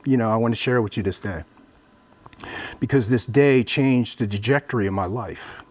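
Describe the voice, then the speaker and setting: A man's voice: mid-range voice, moderate pace, a little mellow. A man from Vietnam giving a public talk, telling a personal story earnestly and addressing the audience directly. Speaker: motivational speaker. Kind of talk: public speech.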